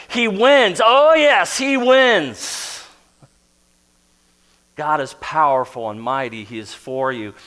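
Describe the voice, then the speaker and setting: A middle-aged man preaching a sermon as pastor, earnest, with soft quiet drops and emphatic bursts. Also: mid-range voice.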